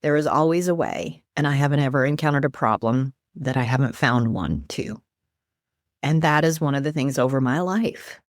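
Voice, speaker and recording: A woman guest who is a life coach and minister, talking earnestly about faith and quoting scripture in an animated, preacherly way. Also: extremely low pitch, moderate pace, dry recording, studio quality. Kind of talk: earnest faith-based teaching in conversation.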